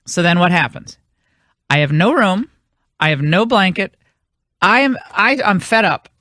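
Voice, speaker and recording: A woman's voice: on the low side, expressive, unhurried, fairly bright tone, no room sound, clean studio sound. A woman hosting a radio talk show, telling a long rambling anecdote in casual on-air chat. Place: radio studio.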